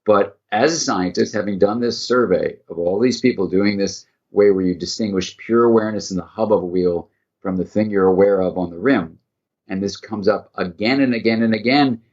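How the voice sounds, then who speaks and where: A man's voice: on the low side, moderate pace, darkish tone, lo-fi sound. A middle-aged man, a psychiatrist guest in an interview, speaking in an earnest, reflective way and acting out quoted dialogue as he tells a story.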